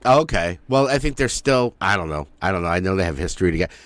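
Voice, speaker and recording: A man's voice: low voice, expressive, fast, a bit bright, dry recording. A man in his forties co-hosting a podcast, telling profane school stories in casual chat and mimicking old teachers. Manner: profane storytelling, mimics teachers in funny voices. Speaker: podcast co-host.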